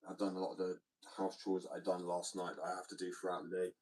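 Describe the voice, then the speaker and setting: A low-voiced man talks in a loose, rambling way, swearing now and then and circling back over the same point. His voice is naturally deep and slightly mumbly. It sounds set back from a built-in mic rather than close to one. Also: completely flat delivery, fast talker, a little mellow. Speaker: fingerboard streamer. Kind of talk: casual live-stream chat. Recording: built-in mic, a little distant.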